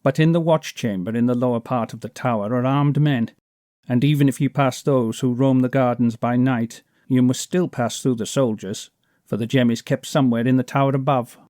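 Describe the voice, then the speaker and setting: A man reading an audiobook, voicing a fat, boastful male kidnapper who talks loudly and mocks his listener. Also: mid-range voice, steady tone, normal speed, no echo, studio quality, lightly acted. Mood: jeering. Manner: blustering, mocking, self-important.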